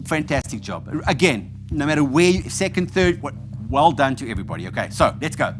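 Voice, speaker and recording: A man's voice: fairly high pitch, big pitch swings, brisk, over music. A man from South Africa hosting a live awards event on stage, telling a story with a comic twist before announcing winners. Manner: storytelling, playful, shifts to loud hype when announcing. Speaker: awards host.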